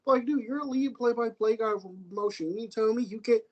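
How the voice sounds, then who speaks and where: An American man talking wrestling on a casual podcast, animated and swearing, repeating himself as he rants. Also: very high-pitched, fairly quick, dull audio. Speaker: podcast co-host.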